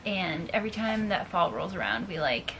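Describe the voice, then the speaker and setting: A woman's voice: on the low side, sing-song, normal speed, a bit bright, a little hiss or hum, rough recording. A young woman vlogging at home in a casual, chatty way, full of "like" fillers, recorded on the camera mic. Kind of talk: casual vlog chat.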